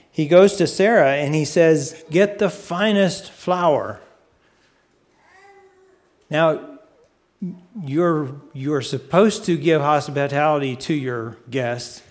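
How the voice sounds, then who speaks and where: A man preaching a sermon, speaking deliberately and putting questions to his listeners. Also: fairly high pitch, a little mellow. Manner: asks the audience questions; unhurried, deliberate. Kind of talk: sermon teaching.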